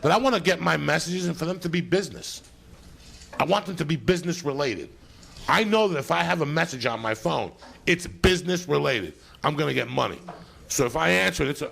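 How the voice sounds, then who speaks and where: A middle-aged male comedian hosting a live podcast from a comedy club stage, ranting in a profane, animated storytelling style. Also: on the high side, moderate pace, creaky. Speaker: comedian host. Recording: live club recording, loud crowd laughter.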